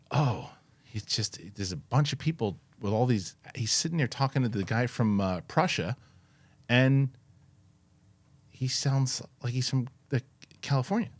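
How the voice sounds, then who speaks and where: A man hosting a casual chat show, talking in an animated, rambling way with many restarts and fillers. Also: medium pitch, dry recording. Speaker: host.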